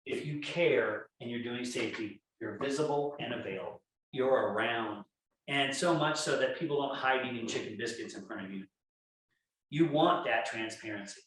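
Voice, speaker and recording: A man giving a conference lecture on workplace safety, animated and storytelling, acting out the voices in his examples. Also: mid-range voice, moderate pace. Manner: animated storytelling, acts out quoted dialogue. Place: lecture hall. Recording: echoey hall, speaker far from mic, faint noise.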